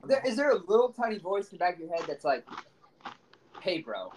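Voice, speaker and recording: A man's voice: sits high, animated, rapid-fire, noisy background. A man co-hosting a podcast, rambling through crude casual banter. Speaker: podcast co-host.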